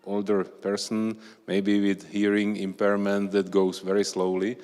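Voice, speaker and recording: A man moderating a lecture session, asking the speaker a measured, explanatory question. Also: lowish voice, flat delivery, darkish tone, clear, resonant tone. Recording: lecture hall with long reverb.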